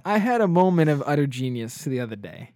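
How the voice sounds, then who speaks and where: A young man co-hosting a podcast, chatting casually and telling animated stories full of filler likes. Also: fairly high pitch, a little fast, no room sound, studio quality. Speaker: podcast co-host. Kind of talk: casual chat.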